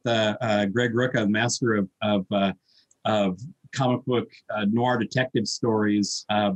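A man with a husky, slightly raspy voice hosts an interview. He speaks effusively, piling on praise and tripping over repeated words as he gets his questions out. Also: medium pitch. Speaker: podcast host. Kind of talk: enthusiastic interview hosting.

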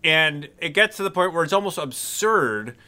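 Smooth bright-voiced man explaining on a podcast. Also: a little high, expressive, moderate pace. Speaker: podcast co-host. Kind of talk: casual podcast chat.

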